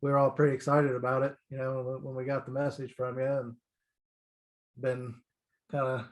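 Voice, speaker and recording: A man's voice: mid-range voice, flat delivery, normal speed. A man in a band, a guest in an interview, talking in a friendly, easygoing, rambling way. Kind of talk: casual interview chat.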